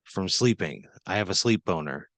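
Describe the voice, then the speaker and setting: A man co-hosting a comedy podcast, complaining in an exasperated, profane deadpan. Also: deep voice, moderate pace, dry recording. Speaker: podcast co-host. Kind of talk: improvised comedy.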